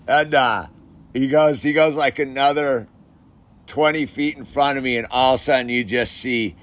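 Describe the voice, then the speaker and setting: A man's voice: mid-range voice, fairly even intonation, normal speed, a bit bright. A man casually telling an anecdote, chatty, laughing often and full of filler words. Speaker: storyteller.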